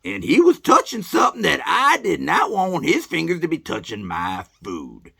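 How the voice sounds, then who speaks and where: Folksy middle-aged male storyteller, rambling and animated, with a sharp, forceful edge to his gravelly voice. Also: a little high, moderate pace. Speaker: host. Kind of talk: casual nostalgic storytelling.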